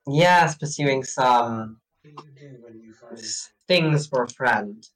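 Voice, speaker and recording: A man plays his character at a tabletop game, halting and hesitant, full of uhs and restarts. His pitch swings widely. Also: animated, fairly bright tone, rough recording. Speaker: player.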